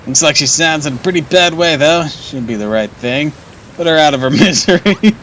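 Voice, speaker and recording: A man's voice: on the high side, expressive, normal speed, a bit bright, slight background noise, voice pushed up. A man voicing a brash, morbid young male companion in a game, with pushy, cheerfully gruesome talk. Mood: blunt.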